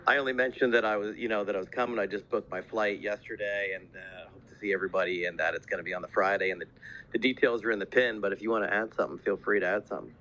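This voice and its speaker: A man hosting a casual online audio chat, relaxed and rambling with plenty of fillers. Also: fairly low pitch, racing, slight background noise.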